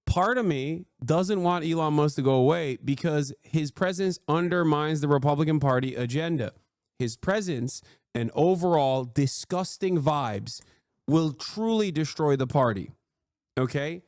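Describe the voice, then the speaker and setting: A man's voice: on the high side, lively intonation, a little slow, no room sound, clean studio sound. A man in his thirties streaming a live news reaction, ranting profanely and mocking.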